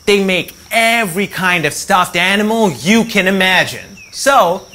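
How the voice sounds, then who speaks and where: Slow, upbeat man hosting for preschoolers. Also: sits high, lively intonation, bright, forceful tone. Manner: upbeat, talks directly to young viewers; playful, acts out animals. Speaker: children's show host. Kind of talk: preschool educational presenting. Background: music.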